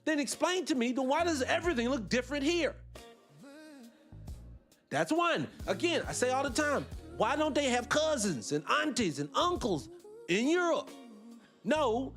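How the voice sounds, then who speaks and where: A man's voice: very high-pitched, sing-song, normal speed, long pauses, fairly bright tone, faint music behind. A man hosting a live show, talking in a rambling, blunt and profane casual monologue. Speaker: host.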